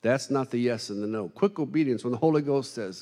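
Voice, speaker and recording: A man preaching a sermon, telling funny stories in an animated, self-deprecating way to a congregation. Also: medium pitch, a little fast, hardly any pauses. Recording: long hall reverb.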